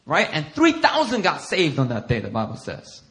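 A man's voice: a little high, huge pitch swings, normal speed, fairly bright tone. A male pastor preaching a sermon, acting out scripture quotes and laughing often as he talks.

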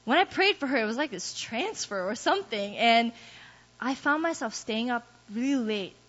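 Brief: woman, slightly high voice, candid self-deprecating church testimony, muffled lo-fi recording. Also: lively intonation, normal speed, a bit bright. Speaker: guest speaker giving testimony. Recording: dull lo-fi recording.

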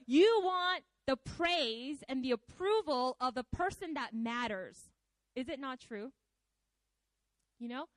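Animated woman preaching, high lively voice. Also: slow, dry recording, low-quality recording. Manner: animated, conversational, acts out the quotes. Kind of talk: sermon.

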